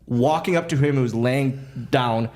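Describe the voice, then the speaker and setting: A man and former wrestler telling a story as a podcast guest, animated and full of restarts and laughs. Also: medium pitch, a little slow. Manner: animated, lively retelling with many restarts and laughs. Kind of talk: casual storytelling.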